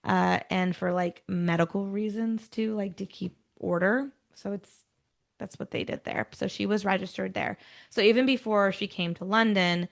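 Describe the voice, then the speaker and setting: A woman with a gravelly edge to her voice hosts a true-crime podcast. She reads dark storytelling passages and then drops into loose, chatty asides with her co-host. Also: medium pitch, normal speed. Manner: switches between scripted storytelling and chatty asides. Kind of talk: casual true-crime chat mixed with read narration.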